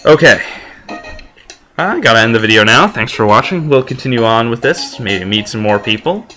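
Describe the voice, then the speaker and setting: Male let's-play host, lively and bright, wry and joking. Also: medium pitch, normal speed, faint music behind. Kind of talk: reading game dialogue aloud with commentary.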